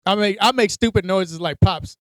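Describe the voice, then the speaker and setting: Podcast co-host, male, high clear voice, animated storyteller, cusses a lot. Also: moderate pace, dry recording. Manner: animated storytelling, heavy cursing, acts out reactions. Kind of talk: casual chat.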